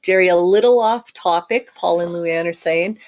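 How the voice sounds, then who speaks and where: A woman's voice: on the low side, normal speed, a little mellow. A middle-aged woman from Canada co-hosting a casual cruise livestream, chatty and laughing often as she reads viewer comments.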